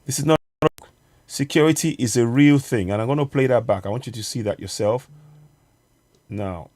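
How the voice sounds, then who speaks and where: A man's voice: medium pitch, darkish tone. Urgent man talking straight to viewers. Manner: urgent, repetitive, addresses viewers directly; pauses to fumble with on-screen media. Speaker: online show host. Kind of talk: livestream political commentary.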